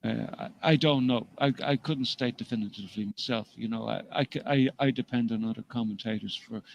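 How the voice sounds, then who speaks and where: A man's voice: medium pitch, a little fast, vocal fry, highs cut off, a little hiss or hum. A man in casual live chat, talking hesitantly with many restarts and hedges about what he thinks.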